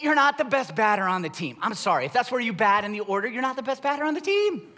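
High, bright-voiced animated male preacher. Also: fast. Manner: animated, conversational preaching with emphatic raised bursts. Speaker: pastor. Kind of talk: sermon.

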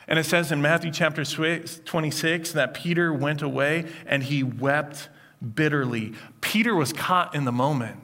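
A man preaching a sermon, retelling a scene in an animated storytelling manner. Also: a little high, moderate pace. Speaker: pastor.

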